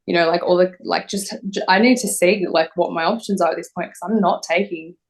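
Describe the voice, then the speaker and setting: A young woman telling a personal story in an interview, halting and emotional with many fillers. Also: on the low side, steady tone. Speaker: interview guest.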